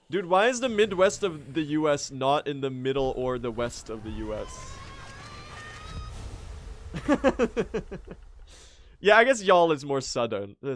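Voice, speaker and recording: A man from Sweden with an American-sounding accent, chatting casually with his viewers while speedrunning a game and swearing now and then. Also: mid-range voice. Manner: chatty, swears, answers chat questions. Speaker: streamer.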